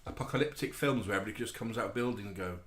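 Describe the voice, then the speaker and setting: A man, co-hosting a casual live show and chiming in with quick puns. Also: lowish voice, fairly bright tone, slight background noise. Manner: quick punning quips. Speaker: co-host of a live online show. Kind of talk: casual chat.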